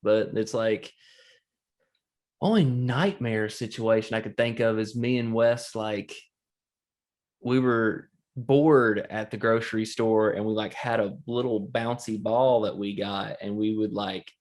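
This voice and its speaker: A man's voice: lowish voice, steady tone, unhurried, a little mellow. Rambling man telling stories. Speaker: podcast co-host. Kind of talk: casual chat.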